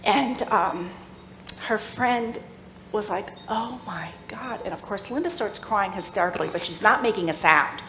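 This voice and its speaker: A middle-aged woman telling a personal faith story at a church workshop, animated and laughing as she acts out the voices of people in the story. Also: medium pitch, normal speed, slight background noise. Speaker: workshop speaker. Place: church room. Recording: echoey room with faint ambience.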